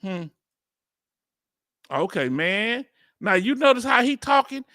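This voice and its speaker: A man's voice: high-pitched, big pitch swings, slow pace, sharp tone, dry recording, studio quality. A man with a Southern accent hosting a reaction video, talking in casual slang, incredulous and laughing often. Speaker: video host reacting to a hearing.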